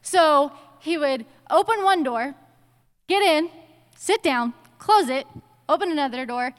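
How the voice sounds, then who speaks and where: In a church sanctuary with a big-room sound, a young woman delivers a casual, conversational sermon, telling stories and dropping chatty slang asides. Her voice is high-pitched and animated, and she doesn't hurry.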